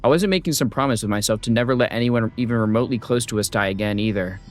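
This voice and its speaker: A man streaming a story game, reading the text aloud and reacting with excitable, swear-filled outbursts. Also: mid-range voice, racing. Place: home streaming setup.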